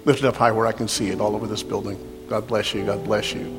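A male pastor delivering a sermon, swinging from fervent, shouted preaching down to quiet, intimate prayer. His voice rings through a large hall with long reverb. Gentle music plays beneath him. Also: on the low side, steady tone, quick pace. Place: church hall.

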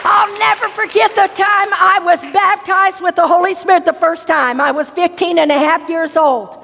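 A woman preacher giving an emotive sermon with personal testimony, her storytelling often dropping into hushed tones. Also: very high-pitched, steady tone, normal speed, gravelly, a faint crowd. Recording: long hall reverb.

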